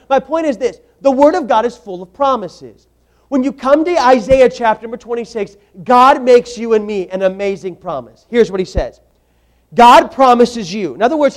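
High-voiced preacher delivering a sermon. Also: male voice. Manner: emphatic, repeats words for stress, asks the audience questions.

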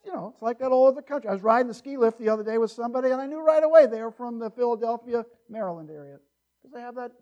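A male pastor preaching an expository sermon in a church, animated and given to joking asides, his loudness rising and falling widely. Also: very high-pitched, dull audio.

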